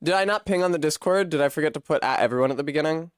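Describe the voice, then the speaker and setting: Man, streamer, casual chat, slightly high voice, dry close sound, self-deprecating, occasional coughs. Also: rapid-fire, smooth, dry recording. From Rhode Island. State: coughing fits.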